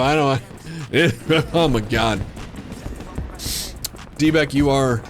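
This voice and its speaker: A man chats with his viewers while playing, his voice moving up and down with lively expression. He takes his time, and faint music plays underneath. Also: medium pitch. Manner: chatty, animated, talks to viewers. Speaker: streamer. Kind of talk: casual game commentary.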